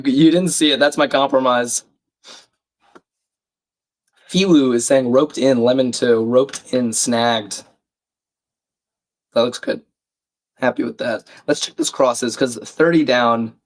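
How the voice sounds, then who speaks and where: Man, croaky, under the weather, chatty stream host reading out chat, mid-pitched. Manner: chatty, reads chat aloud, self-deprecating. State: croaky, a bit sick. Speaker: livestream crossword host. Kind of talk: casual live-stream chat.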